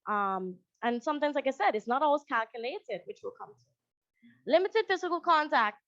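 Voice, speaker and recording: A woman's voice: sits high, lively intonation, moderate pace, fairly bright tone, no echo, muffled recording. A woman psychologist with a Guyanese accent giving a conversational presentation over a video call, often acting out quoted parents.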